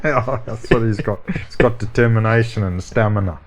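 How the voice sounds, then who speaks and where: A man's voice: fairly low pitch, moderate pace, crowd noise. A man co-hosting a podcast stream, dropping dry jokes. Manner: dry joking interjections. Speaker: podcast co-host. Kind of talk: casual livestream chat.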